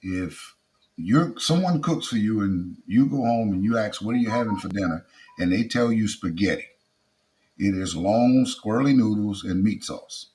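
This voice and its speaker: Middle-aged South Louisiana man, low voice. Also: moderate pace, darkish tone, a little hiss or hum, poor audio. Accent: South Louisiana Creole. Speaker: comedian guest. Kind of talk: casual interview.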